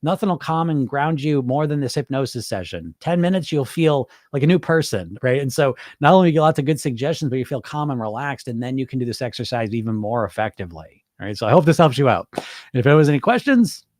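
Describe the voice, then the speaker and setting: A man's voice: mid-range voice, lively intonation, fast talker, a little mellow, no echo, studio quality. A man hosting a live stream as a hypnotherapist, chatting casually with viewers and swearing freely. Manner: informal and chatty, with frequent swearing and laughs.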